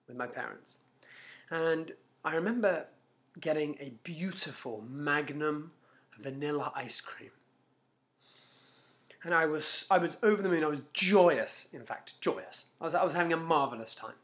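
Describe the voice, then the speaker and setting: Talking to camera at normal speed with long pauses, a man with a slightly high voice gives an informal motivational talk. The self-help vlogger tells stories animatedly, restarting often and acting out inner voices.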